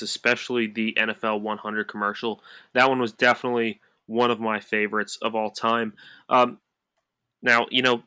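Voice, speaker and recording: Bright-voiced man chatting casually. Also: on the low side, smooth, no echo. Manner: upbeat, rambling with fillers. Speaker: podcast co-host. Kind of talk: casual chat.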